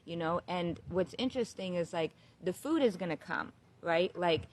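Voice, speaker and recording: A woman, a new mother, talking to her viewers in a casual, heartfelt monologue, earnest and unhurried, with many fillers like "you know" and "like.". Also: lowish voice, expressive, a little hiss or hum. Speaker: new mother sharing a spiritual reflection.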